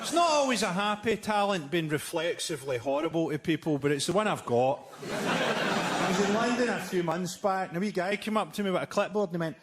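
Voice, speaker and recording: A Scottish man doing a stand-up comedy set on a live stage, delivering dark jokes in a dry, deadpan way. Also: high voice, brisk. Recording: live show with loud ambient noise.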